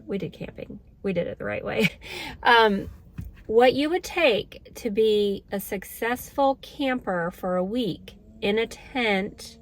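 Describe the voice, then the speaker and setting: Earnest middle-aged woman vlogger. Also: medium pitch. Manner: earnest, heartfelt, emotional at moments. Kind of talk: casual talk to camera.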